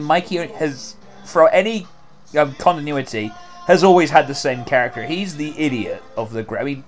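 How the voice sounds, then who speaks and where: Sarcastic guy riffing over a video, lots of like and you know, bouncy pitch. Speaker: video commentator. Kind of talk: casual mocking commentary.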